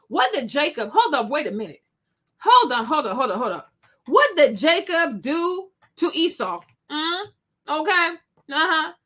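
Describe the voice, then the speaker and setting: A woman's voice: sits high, bright, forceful tone. A woman hosting a commentary show, reacting to a clip with sassy, emphatic talk. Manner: sassy, emphatic, preachy asides.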